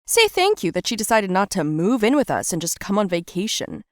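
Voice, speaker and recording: A woman plays a patient mother in an animated storybook, reasoning gently and coaxing in a calm way. Her voice sits at a middle pitch and sounds dry and close-miked. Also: brisk, no room sound, lightly acted. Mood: soothing. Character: patient mother soothing an upset daughter.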